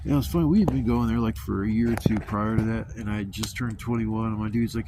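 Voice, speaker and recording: Man, low and gravelly, laid-back profane storyteller; noisy outdoor ambience. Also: fast talker, hardly any pauses. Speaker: vlogger. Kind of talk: casual storytelling. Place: outdoors at a campsite.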